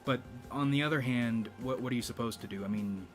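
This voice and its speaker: A man hosting a YouTube channel in a rambling, casual monologue, speaking in a deliberately low register with a slight vibrato. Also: faint music behind. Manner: rambling, with frequent restarts and profanity.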